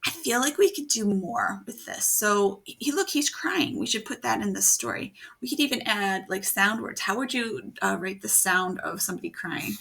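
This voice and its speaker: A woman writing teacher modeling how to revise a story aloud, thinking out loud and animated as she reads lines from the draft. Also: medium pitch, normal speed, vocal fry, hardly any pauses, breathy edge.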